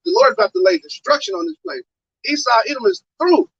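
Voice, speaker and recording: Guy with a real high lively voice reading bible verses, muffled lo-fi sound. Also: vocal fry, a little hiss or hum. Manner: reads verses slowly, then comments. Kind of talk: reading scripture aloud in casual talk. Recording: muffled lo-fi recording.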